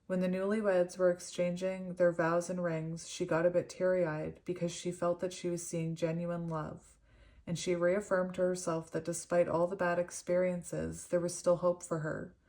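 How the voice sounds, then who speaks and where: A young woman doing a tarot reading, reading card meanings and a story aloud in an earnest, gentle way. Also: on the low side, flat delivery, moderate pace. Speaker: tarot reader.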